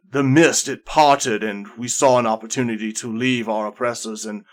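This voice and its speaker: A man voicing a weary older male clan leader in a tabletop game, speaking slowly with sighs. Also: medium pitch, steady tone, natural voice. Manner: slow, sighing.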